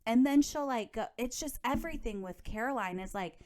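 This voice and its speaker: A woman's voice: on the high side, animated, brisk, hardly any pauses, darkish tone. A woman hosting a solo podcast, chatty and gossipy, with frequent swearing and filler words. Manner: chatty, profane, gossipy, lots of "like". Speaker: podcast host.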